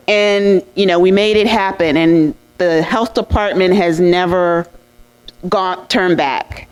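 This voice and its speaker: A woman's voice: medium pitch, measured pace, clean tone, poor audio. Woman sharing stories at a dinner. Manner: warm-hearted storytelling with laughs and lively quoted asides. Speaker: speaker at an awards dinner. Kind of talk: anecdotal speech to an audience.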